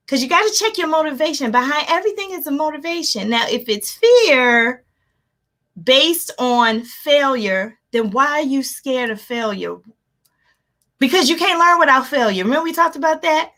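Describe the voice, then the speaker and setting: A woman life coach giving an energetic motivational talk, animated and laughing often as she acts out her own reactions. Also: high voice, moderate pace. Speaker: life coach hosting a live motivational session.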